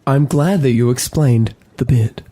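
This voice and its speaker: Young male radio co-host, dry and jokey, mid-pitched everyday voice. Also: unhurried, dark tone. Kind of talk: casual banter.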